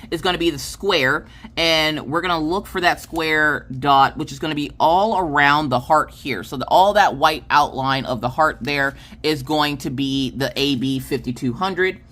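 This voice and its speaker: A chatty woman with a low voice talks through a craft unboxing. She gets excited, then catches and corrects her own slips. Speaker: craft video host. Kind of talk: casual unboxing chat.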